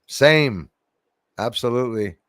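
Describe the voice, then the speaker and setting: A man's voice: mid-range voice, animated, slow, a bit bright, dry recording. Chatty man on a dry mic. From Canada. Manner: chatty, rambling, laughs often. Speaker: livestream host. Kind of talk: casual chat reading viewer comments.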